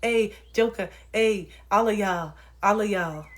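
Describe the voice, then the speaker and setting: A woman's voice: mid-range voice, unhurried. Profane ranting young woman streamer. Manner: animated, profane, ranting to viewers. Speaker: livestreamer. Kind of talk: casual livestream rant.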